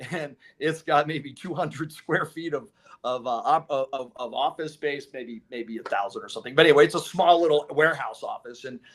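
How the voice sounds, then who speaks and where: A man's voice: medium pitch, normal speed. A man, a solar company co-owner, telling stories in a casual interview, acting out other people's lines and laughing as he goes. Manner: animated, acts out dialogue with laughs.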